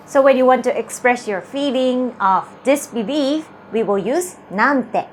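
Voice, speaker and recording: High-voiced woman teaching a grammar lesson. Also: lively intonation, a little hiss or hum. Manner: slow, careful explanation with deliberate example sentences. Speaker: Japanese language teacher.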